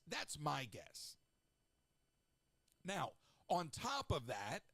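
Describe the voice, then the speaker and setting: Chatty, snarky man with gravelly voice. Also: on the high side, no room sound. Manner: chatty, snarky, rambling with lively asides. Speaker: radio show host. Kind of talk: casual solo radio talk.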